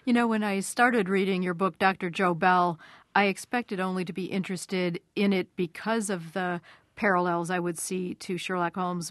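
A woman's voice: lowish voice, no echo, studio quality. A woman co-hosting a radio program who asks thoughtful, long-winded questions. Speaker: radio co-host. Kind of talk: radio interview.

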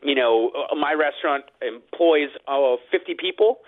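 A man's voice: a little high, a little slow, dry recording. A man who owns a restaurant, speaking as a radio guest with frustrated sarcasm, heard over a phone line. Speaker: restaurant owner.

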